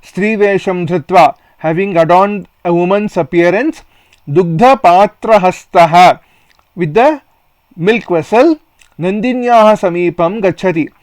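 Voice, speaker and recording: Indian english guy teaching sanskrit line by line, kinda high voice, dry close mic. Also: measured pace, a little mellow, no echo. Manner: reads Sanskrit phrase by phrase and glosses each in English. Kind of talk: lesson reading and translating a textbook play.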